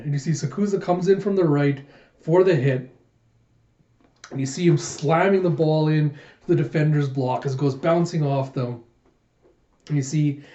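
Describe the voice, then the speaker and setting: A man excitedly recapping a manga chapter for his reaction show, reading the panels aloud and laughing often. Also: on the high side, reverberant, muffled recording.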